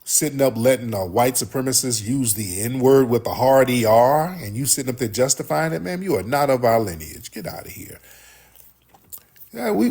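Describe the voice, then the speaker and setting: A man hosts a livestream with blunt, profane, heated commentary. His voice is husky and a little rough. His pitch swings widely as he rants at his viewers. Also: a little mellow. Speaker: livestream host.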